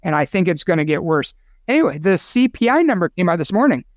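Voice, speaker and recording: A man's voice: high-pitched, big pitch swings, fast, dry recording, clean studio sound. A man co-hosting a casual podcast chat, opinionated and rambling, getting himself worked up. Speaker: co-host.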